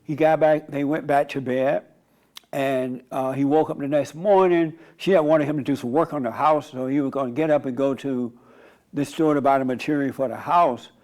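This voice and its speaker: A man's voice: mid-range voice, steady tone, moderate pace, a little mellow. A man, a pastor and radio host, giving a casual, conversational online sermon in a rambling storytelling way. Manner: rambling, storytelling, frequent restarts.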